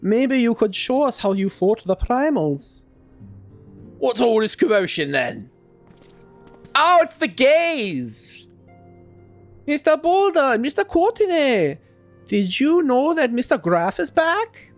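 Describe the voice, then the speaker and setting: An excitable young kid adventurer with a squeaky, put-on foreign accent, voiced by a man reading a game aloud. The voice sits far above his normal pitch and swoops with lively eagerness. Faint music plays behind. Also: slow, long pauses, heavily acted. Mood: eager.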